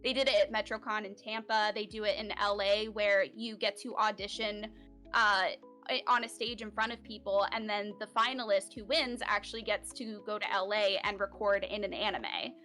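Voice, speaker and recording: A woman's voice: mid-range voice, fairly even intonation, moderate pace, sharp tone, faint music behind. A woman from Central Florida, a voice actor, chatting casually in an interview with lots of "like" and "um" fillers. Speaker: voice actor guest. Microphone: home recording setup.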